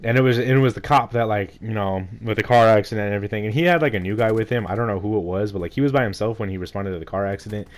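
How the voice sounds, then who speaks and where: A young man telling a frustrating story in a rambling, casual way, his voice rough from being sick. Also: on the low side, very fast, hardly any pauses. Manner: rambling, heavy use of "like", frustrated. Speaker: gaming vlogger. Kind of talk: casual storytime rant over gameplay.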